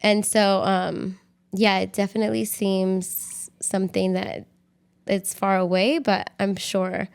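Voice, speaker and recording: A woman's voice: mid-range voice, flat delivery, takes it slowly, gravelly, clear, resonant tone. A young woman co-hosting a podcast, chatting casually with her partner in a rambling way full of "like". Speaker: podcast co-host.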